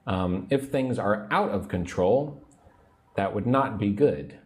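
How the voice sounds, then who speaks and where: Slow, patient teacher man. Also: fairly low pitch, expressive. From United States. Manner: slow, patient, repeats phrases for learners. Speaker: English teacher. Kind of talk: livestream English lesson.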